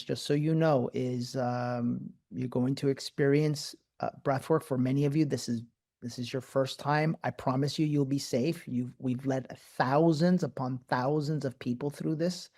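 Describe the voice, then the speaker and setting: Host, male, live spiritual talk; excitable, swears freely, rapid repeated yeses. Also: mid-range voice. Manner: animated, profane, repeats words in bursts.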